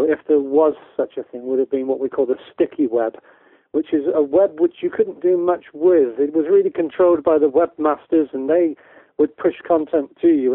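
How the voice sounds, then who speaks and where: A man's voice: on the high side, dry recording. A man from the UK, a guest educator in a casual interview, talking in a rambling way with many restarts. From United Kingdom. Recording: tinny phone-line audio, dry.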